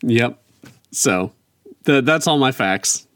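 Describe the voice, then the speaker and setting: A man's voice: medium pitch, animated, slow pace, a bit bright, no room sound. A man co-hosting a casual video game podcast, eagerly sharing trivia facts. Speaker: podcast co-host. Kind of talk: casual gaming chat.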